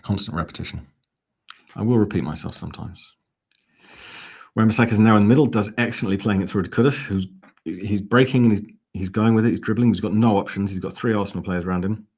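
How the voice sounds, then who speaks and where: A man's voice: on the low side, fast talker, darkish tone, husky. A man hosting a live football fan watch-along, calling the play and chatting back to viewer comments. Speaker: fan channel host.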